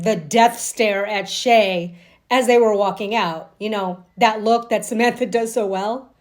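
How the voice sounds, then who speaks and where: A middle-aged woman talking casually in an opinion vlog, emphatic and indignant, often acting out lines. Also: high voice. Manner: indignant, emphatic, animated reenactments. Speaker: TV commentary vlogger.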